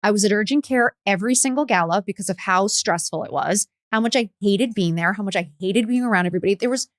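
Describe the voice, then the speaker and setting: A middle-aged woman, a podcast guest, telling stories in a candid, profane, animated way in casual chat. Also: mid-range voice, fast, dry recording, studio quality.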